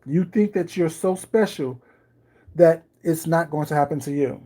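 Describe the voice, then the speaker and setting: Here a livestream host chats with viewers while baking at home, greeting people by name in a wry, ironic manner. Their mellow, mid-range voice keeps a measured pace.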